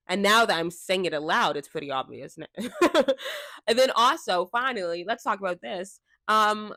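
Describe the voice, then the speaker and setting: A young woman talking casually and frankly to a fixed camera, chatty and quick to laugh. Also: medium pitch, bright, forceful tone, no room sound, studio quality. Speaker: vlogger. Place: indoors, seated before a fixed camera. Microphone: camera mic.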